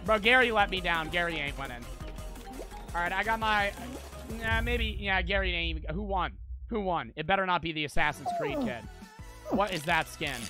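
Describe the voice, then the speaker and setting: A young man streaming a game, chatting in a slangy, excitable way and swearing often. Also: high-pitched, moderate pace. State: out of breath. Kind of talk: casual gaming commentary. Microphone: headset. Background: game music.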